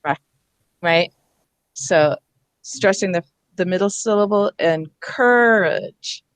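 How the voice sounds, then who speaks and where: A woman's voice: lowish voice, slow pace, clean tone, no echo. Woman workshop leader, explanatory, spells out sounds, dry close sound. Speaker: reading workshop presenter. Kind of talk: teacher workshop instruction.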